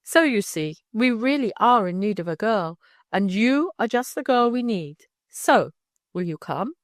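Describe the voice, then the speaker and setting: A woman reading the part of a kindly older man who gently and earnestly persuades a young girl. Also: medium pitch, expressive, measured pace, no room sound, clean studio sound, lightly acted. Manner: warm, coaxing, persuasive.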